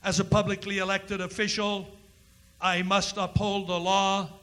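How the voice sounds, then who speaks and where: A man voicing a grave, dutiful middle-aged governor in a dramatic monologue, formal and measured. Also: sits high, flat delivery, bright, forceful tone, pitched above the performer's own voice. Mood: solemn.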